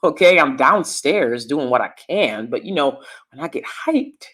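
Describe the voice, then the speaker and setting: A woman's voice: low voice, lively intonation, unhurried, a bit bright. A woman vlogger giving opinionated commentary to her viewers from downstairs at home, emphatic and repeating lines for effect.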